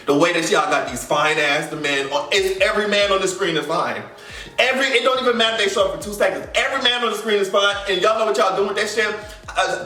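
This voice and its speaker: Male vlogger, bright and playful, profane rant, off-mic with faint music behind. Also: high-pitched, roomy sound, distant mic. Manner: animated, profane, sassy and playful. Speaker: vlogger reviewing a TV finale. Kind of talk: casual rant to camera.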